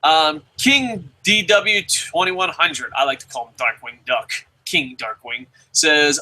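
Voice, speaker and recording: A man's voice: fairly high pitch, big pitch swings, normal speed, hardly any pauses, bright, forceful tone, rough recording. A man from New Jersey hosting a casual chat show, rambling and cursing freely with frequent laughs. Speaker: show host.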